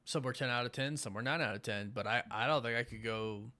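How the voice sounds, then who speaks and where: A man's voice: medium pitch, quick pace. A tired young man hosting a late-night live stream, rambling casually with many fillers as he thanks his viewers. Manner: enthusiastic, warmly thanks viewers. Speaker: host of a live watch party stream.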